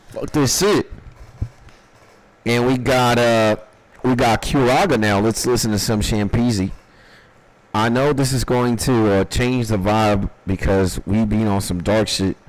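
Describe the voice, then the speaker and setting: A young man livestreaming from his dark bedroom, chatting casually and profanely in a rambling, jokey way as he reviews listeners' beats. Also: lowish voice, rough recording. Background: faint music.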